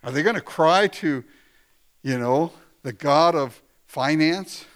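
A man's voice: fairly high pitch, slow pace. A man preaching a conversational sermon, often laughing and acting out quoted lines. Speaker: pastor.

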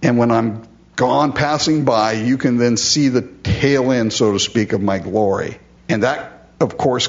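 A man's voice: medium pitch, highs cut off. A man preaching a sermon, addressing the congregation directly and building to emphatic rises on key words. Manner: addresses listeners directly as "folks". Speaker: pastor.

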